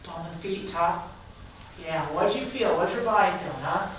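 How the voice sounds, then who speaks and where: A man's voice: sits high, expressive, normal speed, fairly bright tone, slight background noise. A man teaching a drama class, coaching students through an exercise with lots of energy and fillers. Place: school drama room with hardwood floor. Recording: very echoey room, far from the mic.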